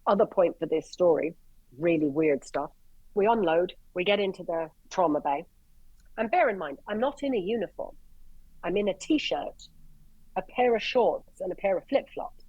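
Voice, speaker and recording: An Irish woman from Ireland, a paramedic guest, telling stories in an animated, blunt way, swearing freely and acting out the people she quotes. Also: lowish voice, normal speed, husky, no echo, lo-fi sound. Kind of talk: casual storytelling.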